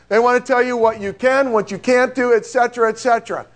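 A man's voice: very high voice, fairly even intonation, fast talker, few pauses. A man preaching a sermon in a conversational, joking way, asking his listeners rhetorical questions.

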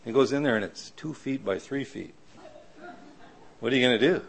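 A middle-aged man preaching a conversational sermon who keeps asking the audience "right?" and acts out the people he quotes in sudden high voices. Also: normal speed, slight background noise. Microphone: live audio of a church talk.

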